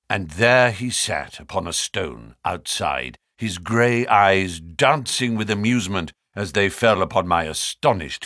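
A man reading an audiobook novel as narrator, in a measured storytelling way. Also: on the low side, bright, forceful tone, no echo, clean studio sound. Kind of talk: scripted narration.

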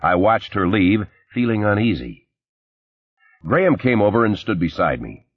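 A man reading a first-person crime novel aloud in a measured, understated way. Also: lowish voice, sing-song, no room sound. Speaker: audiobook narrator. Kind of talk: scripted first-person narration. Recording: slightly dull, dry recording.

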